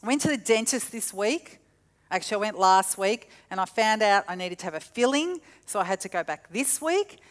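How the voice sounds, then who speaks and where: A middle-aged woman preaching a sermon, telling stories with animated, acted-out quotes. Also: mid-range voice, fairly quick. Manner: animated storytelling, acts out quotes.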